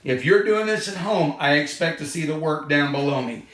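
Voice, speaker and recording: A man's voice: on the high side, expressive, normal speed, a bit bright. A male third grade teacher giving an online lesson to children and parents, patiently repeating points and stressing key words. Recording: echoey room.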